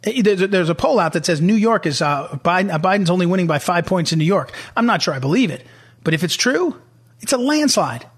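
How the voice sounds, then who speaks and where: A man's voice: high voice, expressive, a little fast, husky. A middle-aged man hosting a political talk radio show, emphatic and repetitive as he hammers his points home.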